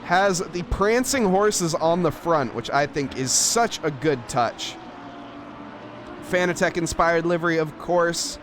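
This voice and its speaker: A man's voice: on the high side, takes it slowly, background noise. An American man doing casual live sim racing commentary, joking and playfully mangling car names.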